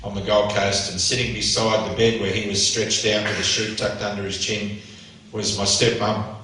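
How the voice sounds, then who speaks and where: A man's voice: lowish voice, little pitch movement, normal speed, bright, forceful tone. A middle-aged man, a motivational speaker, tells a vivid, emotional story and acts out the dialogue. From Australia. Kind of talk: storytelling talk. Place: church hall. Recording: echoey church hall from far off, faint noise.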